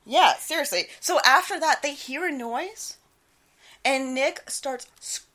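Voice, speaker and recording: A young woman co-hosts a laid-back podcast. Her voice sits a little high with a bright, forward tone. She giggles often and throws herself into acted-out quotes. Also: a little slow. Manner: giggly, animated, breaks into loud quoted yelling. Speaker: podcast co-host. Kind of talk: casual podcast chat.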